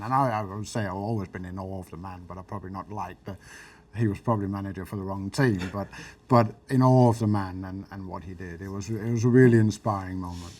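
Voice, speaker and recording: Danish man in his fifties, thoughtful and halting in English chat, low pitch. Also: a little mellow. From Denmark. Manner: reflective, hesitant restarts. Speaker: former Ryder Cup captain. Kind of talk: casual dinner chat.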